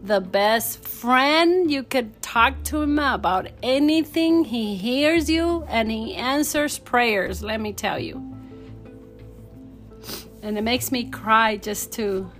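A woman's voice: on the high side, slow pace, faint music behind. Fervent woman telling her faith testimony. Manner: fervent, animated storyteller who acts out quotes. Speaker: guest sharing her testimony. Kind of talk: emotional personal faith testimony.

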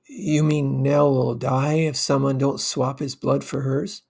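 A man voicing a stubborn, rough-talking teenage boy with blunt slang. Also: medium pitch, flat delivery, a little slow, darkish tone. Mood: defiant.

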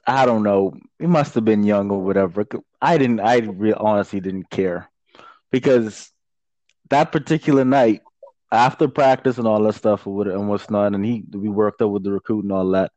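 A man's voice: mid-range voice, darkish tone, dry recording. A young man in casual chat telling a story in a laid-back, rambling way, laughing often. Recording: dull lo-fi dry sound.

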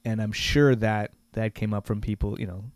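A man's voice: fairly low pitch, steady tone, moderate pace, clean tone, no room sound. A man co-hosting a board game podcast, talking loosely and trailing off with lots of fillers. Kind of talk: casual chat.

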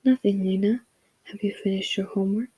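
A woman voicing a kind, firm middle-aged father in a story, calm and gently firm. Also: medium pitch, fairly quick, slightly rough, lo-fi sound, lightly acted.

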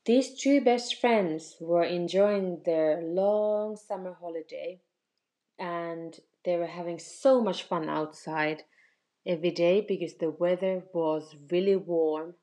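A woman narrating a children's story slowly and gently. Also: lowish voice.

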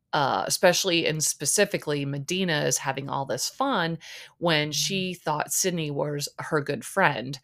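A woman hosting a podcast, giving a chatty, opinionated recap of a reality dating show with lots of ums and likes. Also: low-pitched. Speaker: podcast host.

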